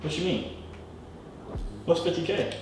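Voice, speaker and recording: A man's voice: a little high, unhurried, a little mellow. Boastful young man, very echoey room. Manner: boastful, joking, slangy banter. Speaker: host. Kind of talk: casual reaction chat. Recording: very echoey room with faint hiss.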